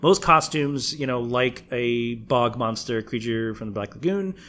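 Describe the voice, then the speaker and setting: A man's voice: mid-range voice, a little slow, pushed and bright. Laughing, joking man on a podcast. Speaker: podcast co-host. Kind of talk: casual chat.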